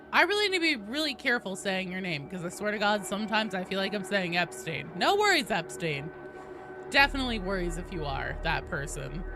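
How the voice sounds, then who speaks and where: A woman game streamer chatting casually, greeting viewers one by one, her voice a bit gravelly from allergies. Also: mid-range voice. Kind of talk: casual live-stream chat.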